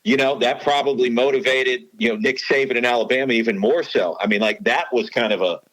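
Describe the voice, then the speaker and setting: A man's voice: medium pitch, a little fast, fairly bright tone, dry recording, poor audio. A man, a sports broadcaster and podcast guest, telling stories in casual chat with many restarts and asides.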